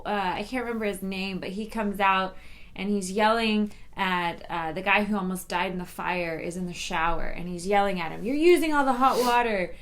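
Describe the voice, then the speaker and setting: A woman's voice: mid-range voice, fairly even intonation, moderate pace, fairly bright tone. A woman co-hosting a casual film review chat, describing scenes in an amused, chatty way.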